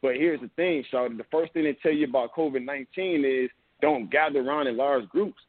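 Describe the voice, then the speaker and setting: A man's voice: mid-range voice, a little fast, dry recording. A young man hosting a podcast, talking earnestly in a rambling, casual way and often saying "you know what I'm saying". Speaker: podcast host. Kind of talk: casual opinion talk. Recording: dry, tinny phone-like sound.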